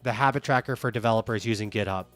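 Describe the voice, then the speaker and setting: Speaking fast in a lowish voice over soft background music, a man hosts a livestream. He's candid and animated, chatting casually and reading out comments from the chat.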